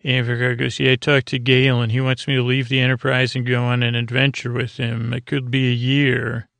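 A man's voice: mid-range voice, completely flat delivery, a little fast, gravelly, a bit bright, dry recording. A man casually retelling an episode in a loose, rambling way, full of fillers and quoted lines. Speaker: podcast host. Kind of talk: casual sleepy recap.

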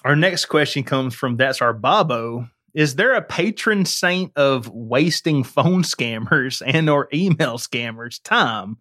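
A man co-hosting a podcast, reading listener questions and adding quick, laughing asides in casual chat. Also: medium pitch, lively intonation, pushed and bright.

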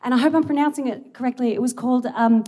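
A young Australian woman with an Australian accent doing live stand-up comedy on a big theatre stage, excitable and giggly, poking fun at herself. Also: sits high, quick pace. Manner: excitable, giggly and self-deprecating. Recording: live theatre recording with crowd noise. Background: audience laughing and cheering.

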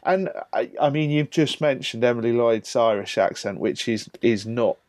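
Incredulous podcast host. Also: male voice, mid-range voice, moderate pace, a little mellow, no room sound. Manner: jokey, incredulous, emphatic. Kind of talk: casual film discussion.

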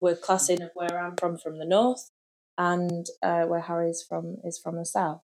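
A woman's voice: fairly low pitch, level tone, moderate pace, darkish tone, a little hiss or hum, low-quality recording. A woman from Northeast Lincolnshire who hosts a podcast, chatting casually and laughing often. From Northeast Lincolnshire, England. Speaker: podcast host. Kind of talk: casual chat.

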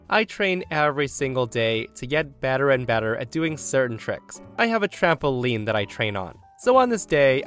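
A man narrating online stories, his voice swinging up and down with lively, disbelieving reactions between the retold events. His pitch sits in an ordinary middle range. Faint music plays underneath. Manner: animated, incredulous commentary. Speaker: story narrator. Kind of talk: reading online stories with commentary.

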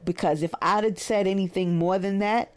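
A woman with a Brooklyn accent, a therapist in private practice, telling a story in a casual monologue and animatedly acting out quoted dialogue. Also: moderate pace. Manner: animated, acts out quoted dialogue with rising pitch.

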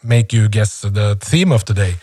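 A man's voice: on the low side, moderate pace, warm tone, slightly rough, dry recording. A man co-hosting a playful comedic podcast, teasing his partner and hesitating with lots of fillers. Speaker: podcast co-host.

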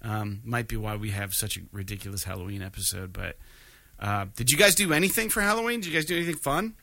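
A man's voice: lowish voice, fast, vocal fry, no echo. A man hosting a podcast, telling a rambling story in casual chat with lots of fillers. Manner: animated, rambling with many fillers. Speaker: podcast host.

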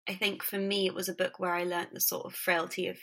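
Woman host, gravelly and bright; friendly, chatty interviewer. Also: on the low side, little pitch movement, quick pace. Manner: friendly, chatty, frequent small assents. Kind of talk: casual interview chat.

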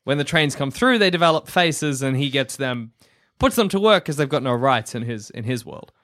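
A man co-hosting a comedy podcast, animated and laughing as he acts out bits. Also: medium pitch, moderate pace. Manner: animated, laughing, acting out silly voices. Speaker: podcast co-host. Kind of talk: casual comedic chat.

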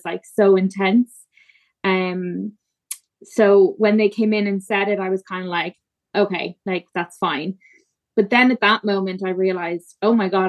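A woman on a podcast recounting her birth story, emotional and halting, with many fillers and restarts. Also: mid-range voice. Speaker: podcast guest. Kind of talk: personal storytelling in conversation.

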